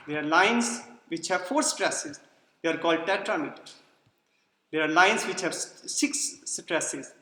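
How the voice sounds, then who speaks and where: Slow, bright-voiced male lecturer. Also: high-pitched. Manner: explanatory, asks the class questions and answers them. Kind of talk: classroom lecture on poetry. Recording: echoey roomy hall sound.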